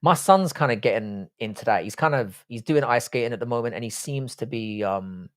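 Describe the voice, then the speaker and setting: A man's voice: mid-range voice, lively intonation, brisk. A man in his forties with an English accent, hosting a casual livestream, greeting viewers by name and trading blunt, crude jokes full of swearing. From England. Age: 40s. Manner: greeting and reading out viewer chat. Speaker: livestream host.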